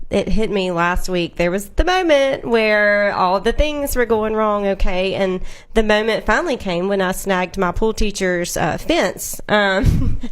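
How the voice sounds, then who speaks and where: A woman, a mother and contributor, telling an earnest personal story in a casual panel chat. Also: mid-range voice.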